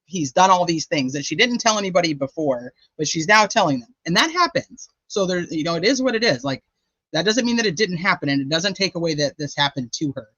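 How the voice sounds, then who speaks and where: Here the true crime host sounds very animated and brisk, his slightly high voice bright and forceful. He chats loosely, leaning on "like" and "you know," over dull, lo-fi, dry audio.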